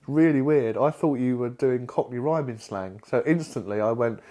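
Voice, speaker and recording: A man's voice: mid-range voice, moderate pace, mellow. A man from Britain co-hosting a casual podcast, talking bluntly with frequent swearing and acting out remembered phone calls. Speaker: podcast co-host. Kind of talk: casual chat.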